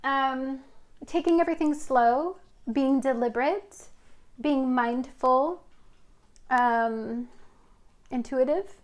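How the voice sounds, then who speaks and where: A woman's voice: high voice, slow pace, pauses often. A woman giving a casual tarot reading, talking in a chatty, rambling way with fillers. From Washington state. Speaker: tarot reader.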